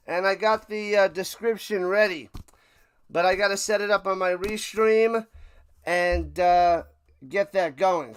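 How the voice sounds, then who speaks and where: A man streaming a live football watch party, giving casual play-by-play commentary and bursting into loud calls. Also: high-pitched, clear, resonant tone.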